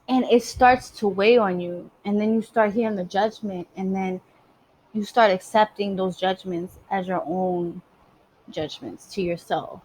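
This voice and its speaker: A woman's voice: mid-range voice, measured pace, darkish tone, slight background noise, low-quality recording. A woman giving a casual spiritual monologue, emphatic and streetwise, swearing freely. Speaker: spiritual vlogger.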